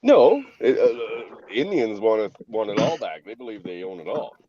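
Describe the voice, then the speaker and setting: A man's voice: fairly low pitch, big pitch swings, normal speed, warm tone, dry recording. Man, emphatic, profane, casual chat, dull recording.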